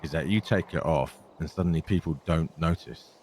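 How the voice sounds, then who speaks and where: A man's voice: a bass voice, a little fast, a little mellow, a little hiss or hum. A man talking in character in an online role-play game as a scheming intelligence man, sly and dryly boastful. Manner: sly, scheming, dry storytelling.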